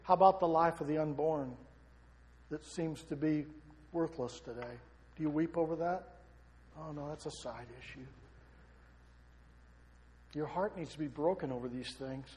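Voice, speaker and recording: A middle-aged pastor delivers an impassioned sermon, questioning his congregation again and again. He speaks at a moderate pace in a slightly high, slightly mellow voice, with the long echo of a big hall behind him.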